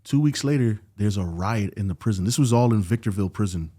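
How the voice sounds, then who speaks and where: Middle-aged man, podcast guest, low mellow voice, animated storyteller voicing the people he quotes. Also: fast, breathy edge. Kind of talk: storytelling in casual conversation. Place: podcast studio.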